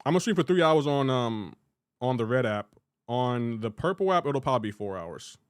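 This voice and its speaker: A man's voice: mid-range voice, expressive, brisk, clear, resonant tone, dry recording, clean studio sound. A man from Delaware streaming a game, chatting casually, rambling and restarting his sentences as he answers chat. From Delaware, USA.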